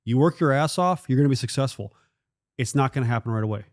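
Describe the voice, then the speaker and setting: A man's voice: mid-range voice, fast. A man who is a guest on a talk show, speaking bluntly and emphatically and swearing freely in a casual chat.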